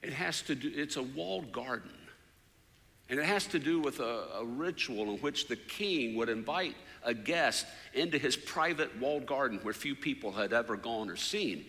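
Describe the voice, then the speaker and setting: A man preaching a sermon as a story, his voice climbing loud for shouted quotes and falling soft for prayers. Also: medium pitch, expressive, normal speed. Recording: long hall reverb.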